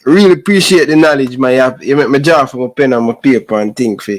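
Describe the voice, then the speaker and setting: A man hosting a casual interview, relaxed and mixing in patois. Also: medium pitch, fast. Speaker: show host.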